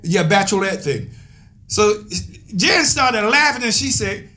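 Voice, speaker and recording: A man pastor telling a story in a sermon, animated and laughing as he calls out to his members. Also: high voice, measured pace.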